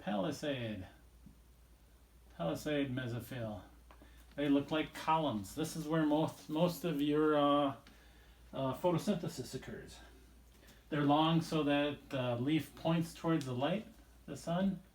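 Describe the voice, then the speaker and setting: Casual male biology teacher, echoey room. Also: medium pitch. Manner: casual, rambling, drawing while explaining. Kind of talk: recorded video lesson.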